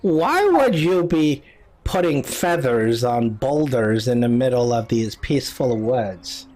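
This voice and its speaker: A man voicing a cranky, arthritic old woman who lives alone in the woods, talking slowly in a grumbling, suspicious way. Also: mid-range voice, very animated, a little mellow, a little hiss or hum. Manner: slow, grumbling and querulous.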